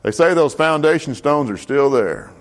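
A man leads a Bible study lesson in a loose, talky manner. He stops to correct himself, fills pauses and asks the class questions as he goes. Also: on the high side, animated. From United States. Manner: conversational, many fillers and self-corrections, asks the class questions. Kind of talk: casual Bible class lecture.

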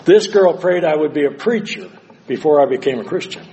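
An older man delivers a sermon with a fairly high voice. He drops to a hush, then rises to dramatic cries. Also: animated, brisk, slight background noise. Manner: dramatic, swings from hushed to loud. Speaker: preacher.

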